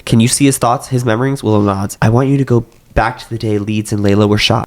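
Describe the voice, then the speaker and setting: A man's voice: lowish voice, steady tone, a little fast, hardly any pauses. A young man reading a novel aloud, with slight voice shifts for the characters and joking asides.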